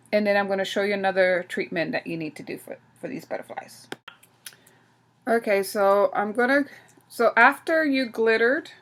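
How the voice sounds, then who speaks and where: Speaking at a medium pitch, a woman walks through a craft project step by step, talking casually as she works with her hands. She often breaks off and restarts her sentences, and her informal, practical delivery feels like a home tutorial.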